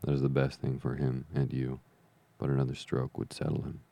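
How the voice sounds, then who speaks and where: Man voicing a stern doctor, warning tone, flat delivery, dark low voice. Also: a little fast, creaky, full character voice. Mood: firm. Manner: firm, warning tone. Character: stern country doctor, man, firm and sober.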